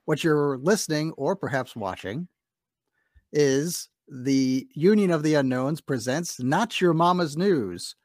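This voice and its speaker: A man's voice: a little high, lively intonation, slow pace, darkish tone, dry recording, clean studio sound. A man hosting a casual podcast, opening with mock-formal welcomes and joking with guests. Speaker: host.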